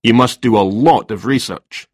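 A man's voice: medium pitch, lively intonation, unhurried, fairly bright tone, slightly rough, dry recording, studio quality. A man voicing a terse, coolly formal male detective inspector in an audiobook. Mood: probing.

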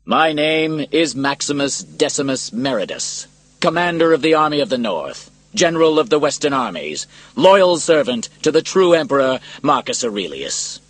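A man voicing a proud, grieving Roman general who declaims solemnly with a husky voice. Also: fairly high pitch, sing-song, normal speed, a bit bright, dry recording, voice pushed up, full character voice.

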